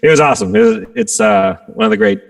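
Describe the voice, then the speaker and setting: A man, a guest rock guitarist, telling stories in a casual interview and acting out quotes with sudden jumps in pitch. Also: fast talker, vocal fry. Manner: animated storyteller, acts out quotes with jumps in pitch.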